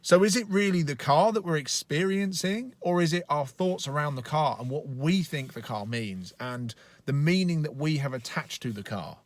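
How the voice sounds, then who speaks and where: A man's voice: on the high side, expressive, normal speed, no echo. A male life coach giving a casual, blunt motivational training talk with plenty of profanity, speaking from inside a car.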